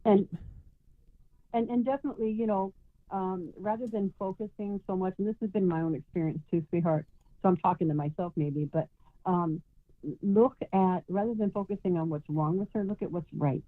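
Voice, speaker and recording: A woman guest on a call-in radio show, giving gentle advice and calling the caller sweetheart. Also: mid-range voice, fairly even intonation, normal speed. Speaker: psychic guest. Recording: tinny phone line.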